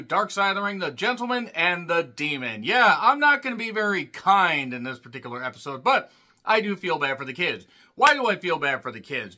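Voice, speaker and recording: A man delivers a profane, sarcastic review rant with lots of energy. His voice is high and extremely bright, and it cuts through sharply. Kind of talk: ranting review monologue.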